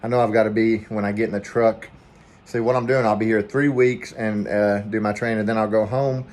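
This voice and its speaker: A man with a Southern US accent, talking quietly and rambling in a casual vlog from a hotel room. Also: fairly low pitch, steady tone, brisk. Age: adult, family man with kids. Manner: rambling, hushed so neighbors won't hear. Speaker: vlogger, trucking trainee.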